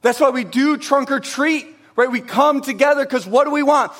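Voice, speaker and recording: A man preaching a sermon in an earnest, conversational way, swinging between emphatic peaks and quiet low passages. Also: moderate pace, few pauses. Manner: conversational with tag questions and restarts. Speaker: pastor.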